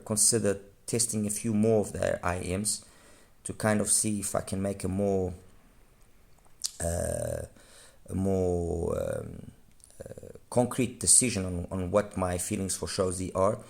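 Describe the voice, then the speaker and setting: Here a man's lowish, gravelly, mildly mellow voice carries a rambling, honest review of audio gear. It's an unplanned monologue, and he often interrupts his own sentences to correct them.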